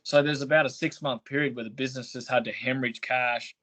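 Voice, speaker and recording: A man's voice: mid-range voice, steady tone, fast talker, a bit bright. Blunt swearing man. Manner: blunt, heavy swearing, aggrieved. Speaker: podcast guest. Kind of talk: candid interview storytelling.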